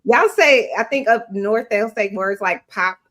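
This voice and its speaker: A woman from Texas in a casual group chat, talking quickly and properly, teasing the others. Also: mid-range voice, fairly bright tone. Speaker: chat guest.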